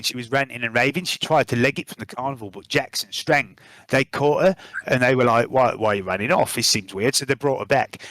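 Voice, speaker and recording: A man's voice: medium pitch, fairly bright tone, dry recording, natural voice. A man voicing a spaced-out, drug-using male carnival worker who rambles and swears in a wobbly Birmingham accent.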